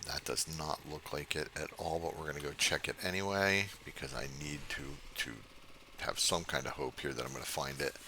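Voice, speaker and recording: Older man, gameplay commentary, low and bright-edged voice, grumbly and cussing, faint room hum. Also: normal speed. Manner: grumbling, profane, frustrated. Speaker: game streamer.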